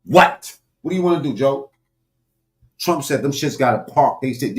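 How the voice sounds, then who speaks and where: A man giving a profane, animated political commentary rant, talking straight to his viewers with sudden loud swings. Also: mid-range voice, normal speed. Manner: animated, loud swings, heavy swearing, talks to viewers directly.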